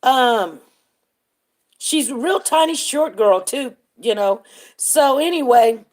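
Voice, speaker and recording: A woman's voice: high-pitched, animated, slow pace. A woman hosting a live stream and telling a story in a casual, chatty way. She keeps breaking off to greet viewers by name.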